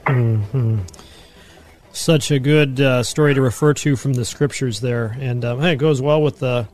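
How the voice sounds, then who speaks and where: A man hosting a talk radio show, wrapping up in a relaxed, folksy manner. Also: mid-range voice, unhurried, faint music behind. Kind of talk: casual talk radio wrap-up.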